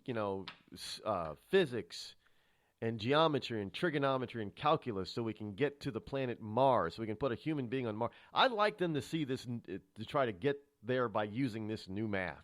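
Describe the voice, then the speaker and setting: A man's voice: medium pitch, a bit bright. A man hosting a talk radio show, rambling sarcastically with many restarts. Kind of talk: casual talk radio monologue.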